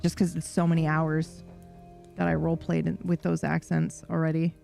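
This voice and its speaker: A woman's voice: sits low, completely flat delivery, normal speed, vocal fry, dark tone, faint music behind. A woman livestreamer in casual chat, rambling and swearing freely with a self-deprecating streak.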